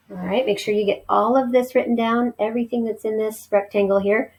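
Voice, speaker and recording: A woman's voice: mid-range voice, fairly even intonation, gravelly, a little mellow, low-quality recording. A woman teacher giving a recorded vocabulary lesson, spelling each word letter by letter and explaining its meaning. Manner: slow, spells words letter by letter.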